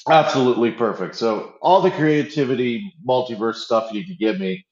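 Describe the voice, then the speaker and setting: A man's voice: medium pitch, moderate pace, darkish tone. Eager man, casual chat, roomy slightly dull recording, frequent restarts. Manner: enthusiastic, restarts often, acts out quotes. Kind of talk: casual pop-culture chat.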